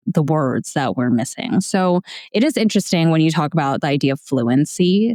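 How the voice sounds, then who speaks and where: A woman's voice: low-pitched, a little mellow, no echo. A young adult woman from the United States, a guest on an interview podcast, talking candidly about her own experiences and laughing now and then as she tells them. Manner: candid, laughs while telling stories. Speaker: guest, founder of a language platform. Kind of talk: conversational interview answer.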